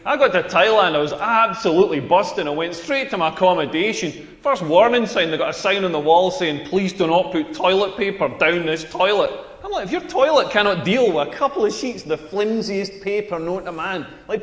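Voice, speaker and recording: A man's voice: sits high, a bit bright. A young man with a Scottish accent playing a crude stand-up comedian who rambles through stories in a comedy routine. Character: crude young male comedian bombing on stage. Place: comedy stage in a hall. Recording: echoey hall.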